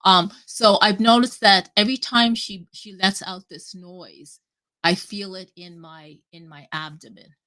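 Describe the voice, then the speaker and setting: A woman, appearing as a guest speaker on a live audio chat, talks casually and at length in a medium-pitched voice, a little slowly. She rambles animatedly, cuts herself off, and swears freely.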